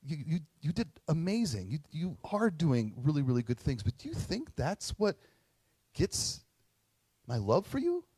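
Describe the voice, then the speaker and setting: Preacher doing a gentle loving dad, quiet and warm-hearted, dry close sound. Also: male voice, fairly high pitch, very animated, measured pace, pauses often, dry recording, voice pushed up. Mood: tender. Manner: soft, tender. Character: loving forgiving father, gentle and tender.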